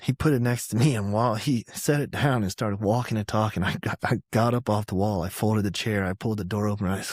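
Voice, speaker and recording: Male veteran guest, 30s, from Georgia; low, dry, animated profane storyteller. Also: fast talker, no echo. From Georgia, USA. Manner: profane, animated storyteller who acts out quotes loudly. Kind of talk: casual storytelling interview.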